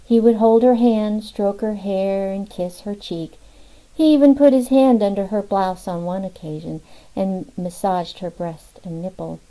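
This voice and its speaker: A woman narrating an audiobook in a measured, expressive way. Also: mid-range voice, low-quality recording. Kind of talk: scripted narration.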